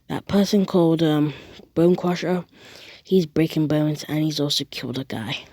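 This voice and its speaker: A young woman retelling a fan story casually, rambling and animated. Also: low voice, normal speed, no room sound. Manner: rambling, animated, lots of restarts and acted quotes.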